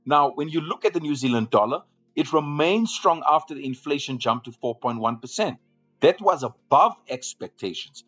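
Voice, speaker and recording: Animated man hosting a live trading stream. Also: a little high, moderate pace, dull audio, soft background music. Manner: animated, repeats phrases, asks viewers to follow along. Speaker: live trading room host. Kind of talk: live market commentary.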